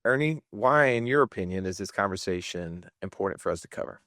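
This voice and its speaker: A man's voice: deep voice, animated, brisk, bright, forceful tone, no echo, clean studio sound. A man with a Montgomery, Alabama accent, hosting a podcast about money and speaking emphatically and rhetorically. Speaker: podcast host. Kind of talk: podcast talk on finance.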